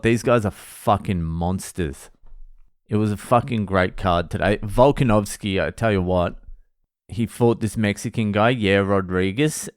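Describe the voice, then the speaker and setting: Sweary Australian man, smooth low voice. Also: no echo, studio quality. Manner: profane, rambling, self-mocking. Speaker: podcast host. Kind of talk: casual solo podcast monologue.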